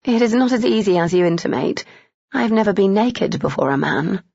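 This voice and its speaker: A woman voicing a nervous, innocent young woman, breathy and questioning, in a husky voice. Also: mid-range voice, expressive, brisk, a little mellow, no room sound, voice pushed up. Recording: dull, lo-fi.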